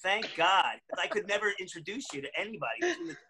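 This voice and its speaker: A man's voice: sits high, huge pitch swings, fast, background noise. A man co-hosting a podcast, chatting and joking casually before introducing the guest. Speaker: podcast co-host.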